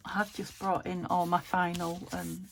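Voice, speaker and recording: A British woman with a very gravelly, fairly low voice chats to herself as she crafts at her home table, thinking aloud while she works. Clear background noise runs under her voice. The talk is loose and casual. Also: flat delivery, moderate pace. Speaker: craft channel host.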